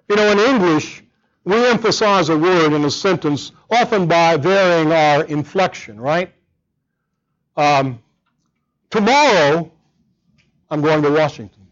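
High-voiced earnest male preacher. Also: highs cut off. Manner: earnest, emphatic, with frequent repetitions. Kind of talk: sermon.

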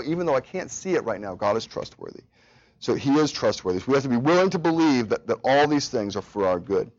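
A man in his thirties leads a church Bible study group, speaking earnestly and repeating phrases for emphasis. His medium-pitched voice has a darkish tone, captured on a dull, lo-fi recording.

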